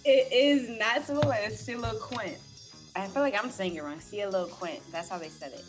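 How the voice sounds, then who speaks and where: A woman co-hosting a podcast in casual banter, lively and quick to laugh. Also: medium pitch, music in the background. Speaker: podcast co-host.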